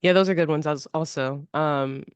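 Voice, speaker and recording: A woman's voice: low-pitched, moderate pace, clean tone, no room sound. A woman co-hosting a casual podcast chat, asking questions in a chatty way with many fillers and frequent laughs.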